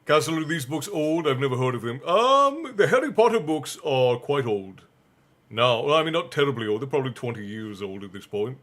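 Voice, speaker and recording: A man's voice: mid-range voice, very animated, fairly quick, a bit bright. A young man hosting a live stream, reading a novel aloud and breaking off for chatty, joking asides to his chat. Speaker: stream host and reader.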